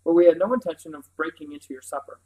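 A man voicing a smooth, overly polite gentleman with old-fashioned courtesy, in a storybook reading. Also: a little high, very fast, close to an everyday voice, poor audio. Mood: courteous.

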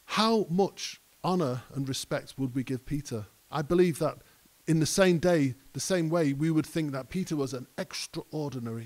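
A man's voice: medium pitch, a little mellow. A male pastor preaching a conversational sermon that rises to emphatic peaks. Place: church hall.

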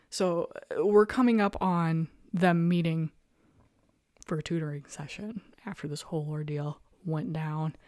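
A woman's voice: on the low side, a little mellow, no room sound, studio quality. A young adult woman hosting her own show, chatting animatedly and with exasperation, laughing often. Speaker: show host. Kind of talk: casual recap chat.

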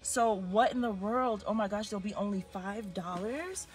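A woman's voice: mid-range voice, normal speed, hardly any pauses. A woman filming a shopping vlog inside a large store on a handheld phone, gushing and exclaiming over bargains. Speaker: couponing vlogger.

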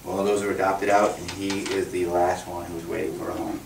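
A man with a fairly low voice patiently walks a class through a hands-on demonstration as a veterinarian. He sounds distant from the camera, in an echoey room with noticeable background noise. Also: level tone, fairly quick. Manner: patient, encouraging instructions. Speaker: veterinarian teaching children.

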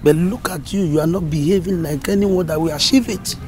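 An actor playing a stern middle-aged school authority figure, speaking Nigerian English in a lecturing tone. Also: male voice, a little high, fairly quick, darkish tone, close to an everyday voice. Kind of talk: film drama acting.

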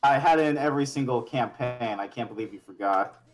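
A man playing a fighting game with friends, making dry, low-key teasing jokes in casual banter. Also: fairly quick, soft background music. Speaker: gamer.

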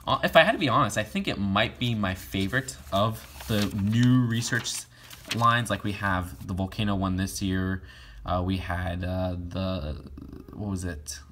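Young male vlogger, low voice, loose filler-heavy delivery. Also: measured pace, a bit bright, a little hiss or hum. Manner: rambling, many fillers and restarts. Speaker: toy collector vlogger. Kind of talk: casual catalog review.

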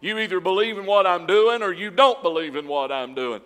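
Man preaching, fairly high voice, church-hall reverb, punchy questions that rise and fall. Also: fairly quick, fairly bright tone, smooth. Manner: preaching with rhetorical questions, swelling and dropping in volume. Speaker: pastor. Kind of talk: sermon. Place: church sanctuary.

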